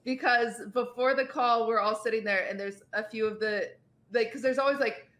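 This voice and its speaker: A woman in her twenties chatting on a podcast, telling stories in an animated way and swearing freely. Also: a little high, normal speed. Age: 20s. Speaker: streamer guest. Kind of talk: casual podcast chat. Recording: roomy echoey recording.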